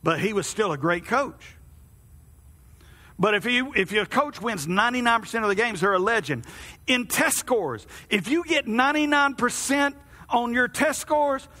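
High, bright-voiced preacher in a church hall. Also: male voice, lively intonation, normal speed. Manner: folksy, conversational preaching with rhetorical questions. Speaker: pastor. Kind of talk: sermon. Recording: long reverb of a church hall.

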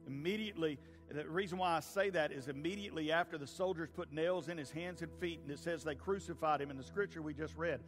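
A man preaching a sermon, swinging from hushed pleading to loud fervent peaks. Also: fairly high pitch, fast, few pauses, faint music behind. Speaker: pastor. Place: church sanctuary with a congregation.

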